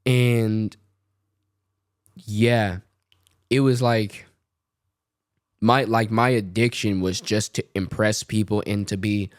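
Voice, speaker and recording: A young man telling a story casually on a podcast, animated and quoting voices as he goes. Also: lowish voice, slow, long pauses, dry recording, studio quality. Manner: animated, tells stories with quoted voices.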